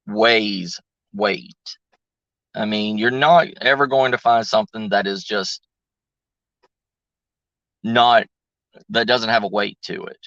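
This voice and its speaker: A man's voice: mid-range voice, bright, forceful tone, no echo. A middle-aged man rambling in casual livestream chat and reading out viewer names, heard over a lo-fi phone connection. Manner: rambling, reads viewer names, thinking aloud. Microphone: phone on a weak connection. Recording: muffled lo-fi stream audio over bad cell signal.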